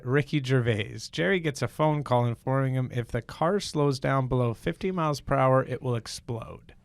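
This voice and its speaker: A male co-host of a casual improv comedy podcast rambles and jokes at his own expense. He speaks at normal speed and medium pitch, with vocal fry and few pauses.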